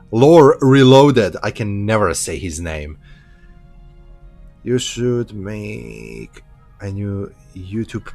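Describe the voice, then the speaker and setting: A man giving casual, chatty commentary while streaming a space game from a hot room at home, laughing easily and correcting himself. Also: mid-range voice. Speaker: gameplay streamer.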